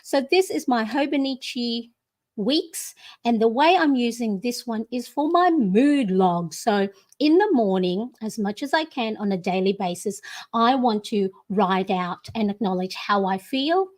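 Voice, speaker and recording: A woman's voice: fairly high pitch, animated, a little slow. A woman in her forties hosting a planner livestream from her home desk, chatty and bubbly, greeting viewers by name. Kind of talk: casual live-stream chat.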